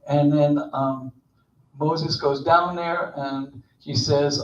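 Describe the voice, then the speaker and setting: A man delivers a loose, conversational sermon full of asides and quips. His voice sits a little high. It is picked up from a distance in a reverberant sanctuary, with a dull, muffled sound. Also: steady tone, slow. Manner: conversational, digressive, joking asides. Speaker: speaker at Shabbat service. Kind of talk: informal sermon. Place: temple sanctuary.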